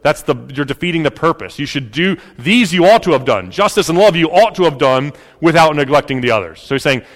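A man preaching a sermon as pastor, in a casual, animated way with many fillers. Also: fairly high pitch, fairly quick, long reverb tail.

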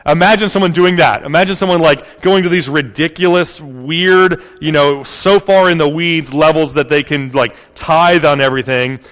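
A man preaching a sermon as pastor, in a casual, animated way with many fillers. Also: fairly high pitch, normal speed, hardly any pauses, long reverb tail.

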